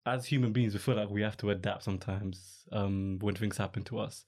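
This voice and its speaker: A man's voice: on the low side, steady tone, brisk, a little mellow, a little hiss or hum. A young man hosting a podcast, chatting casually in a rambling, slang-filled way. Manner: rambling, laid-back, peppered with slang and fillers. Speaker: podcast host. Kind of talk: casual chat.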